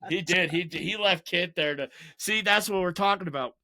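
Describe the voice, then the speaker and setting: Male podcast host, high bright voice, casual profane storyteller. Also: moderate pace. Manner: profane storytelling, acting out friends' lines; laughs often while telling stories. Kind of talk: casual chat.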